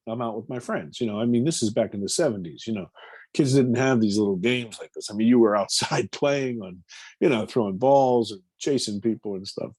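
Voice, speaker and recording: Man in his fifties, husky voice, dry close sound, halting earnest storytelling. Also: on the low side, darkish tone, no echo. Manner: halting, repeats words, earnest. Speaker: film producer. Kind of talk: recounting a personal story in an interview.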